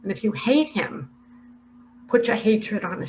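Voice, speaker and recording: An older woman earnestly recounting a spiritual vision in a slow, heartfelt, emotional way. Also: medium pitch, expressive, a little mellow, a little hiss or hum, poor audio. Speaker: spiritual speaker sharing visions.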